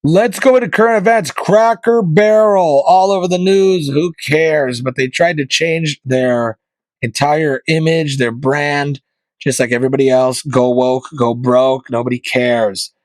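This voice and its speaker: A man's voice: on the high side, measured pace, no echo. A male comedian hosting his podcast, delivering a sarcastic, conspiratorial comic rant. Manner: sarcastic, conspiratorial, mocking voices of corporations.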